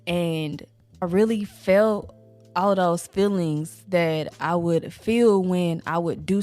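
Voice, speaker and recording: Mom talking low and easy about healing her inner child, lots of "like", bit of music way back. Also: a little mellow, no echo. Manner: casual, rambling, frequent "like" fillers. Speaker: mother sharing her own healing. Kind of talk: candid personal talk to camera.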